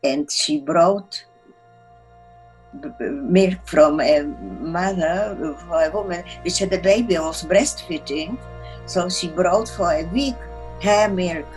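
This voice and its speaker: A woman, recounting her life in an interview in halting, broken English as she searches for words. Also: lowish voice, a little mellow, soft background music, poor audio. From Czechoslovakia. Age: 80s. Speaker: interviewee, Holocaust survivor. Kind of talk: personal storytelling in interview.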